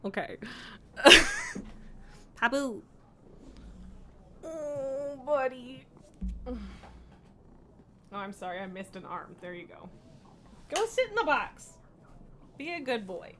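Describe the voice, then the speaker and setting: A woman's voice: high voice, huge pitch swings, slow pace, pauses often, bright, forceful tone, a little hiss or hum. A woman streaming live, chatting casually and cooing in baby talk at her pet between laughs.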